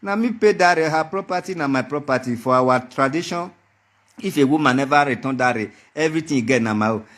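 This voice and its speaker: High-voiced taunting Nigerian man. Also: lively intonation, quick pace, a bit bright. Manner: taunting and mocking, repeats his threats. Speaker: vlogger. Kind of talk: heated monologue to the camera.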